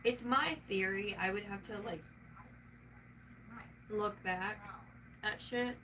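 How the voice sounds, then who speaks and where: A Southern US woman talks slowly at a medium pitch, drifting between ideas and cursing frequently in a relaxed chat. The microphone sits some distance away, and a noisy room hums steadily underneath.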